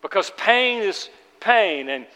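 High pitched guy preaching, earnest, stumbles and restarts a lot, echo hangs in a big hall. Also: lively intonation, pushed and bright. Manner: earnest, halting with repeated restarts. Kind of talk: sermon. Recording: long hall reverb.

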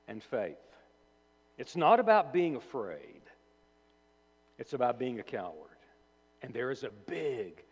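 In a church sanctuary, a male pastor preaches with a slightly high voice that climbs for emphasis and sinks to near-whispers on key words. His animated, theatrical delivery swings dramatically between loud emphasis and hushed low words, and a distant microphone picks up a long hall reverb.

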